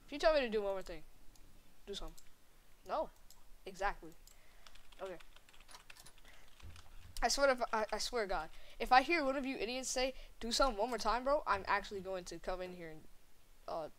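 A woman's voice: medium pitch, expressive, brisk, long pauses, slight background noise. A woman doing comedic voice acting for a plush animation, trading exasperated, slang-filled bickering between characters.

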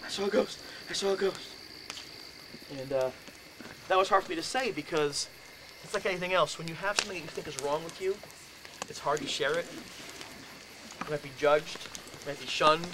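A man giving a talk, telling a first-person story in an animated way, acting out scenes with sudden loud bursts. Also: on the high side, noisy background. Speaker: speaker at a haunted-house talk.

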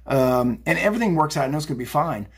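A man's voice: fairly high pitch, lively intonation, fast talker, husky. A man giving a tarot reading on a phone video, blunt and fired up, swearing and rambling. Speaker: tarot reader. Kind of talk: casual profane psychic rant.

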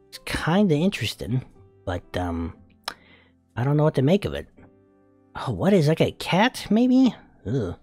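A foul-mouthed, flamboyant male spider demon swears, giggles and coos, as a performer voices him. His pitch swings widely from line to line. The sound is dry and close, with faint music underneath. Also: mellow, husky, no room sound, exaggerated voice. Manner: crude, swearing, giggly, doting. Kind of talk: comedic fan character voice reaction.

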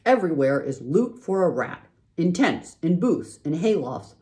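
A woman's voice: lowish voice, very animated, measured pace, mellow. A woman voicing a sly old sheep who tempts with long, relished lists. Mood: tempting.

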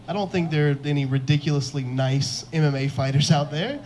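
A man's voice: on the high side, fairly even intonation, quick pace, hardly any pauses, a little mellow, a little hiss or hum. A young man performing a stand-up comedy set on a club stage into a handheld mic, self-deprecating and chuckling at his own jokes.

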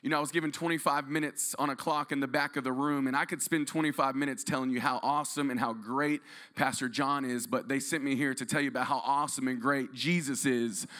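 A guest pastor from Dallas-Fort Worth, Texas, delivers a sermon in a large room used as a church, energetically telling stories and calling for responses from the congregation. His voice is mid-range and his pace is quick.

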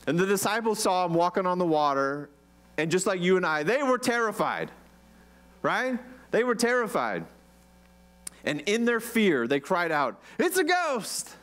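An American man preaching a sermon as pastor, in a relaxed, conversational way, often asking his congregation questions. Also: high-pitched, moderate pace, pauses often. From United States. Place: church.

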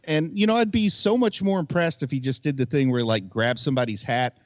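A man's voice: fairly high pitch, fast, no room sound, dull audio. A man co-hosting a podcast, casually picking apart a movie with rambling, critical remarks. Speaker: podcast co-host. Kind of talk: casual movie review chat.

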